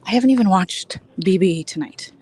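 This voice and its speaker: A woman in her forties from Minnesota, chatting casually on a live stream as she walks through a big store, often hushed to a near whisper. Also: mid-range voice, animated, fairly quick, breathy edge. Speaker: vlogger host.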